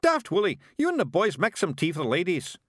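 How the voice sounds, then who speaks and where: A loud pixie. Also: male voice, high-pitched, wildly swooping pitch, fairly quick, no echo, studio quality, pitched above the performer's own voice, heavily acted. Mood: boisterous. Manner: loud and boisterous. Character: loud cheerful tiny male pixie.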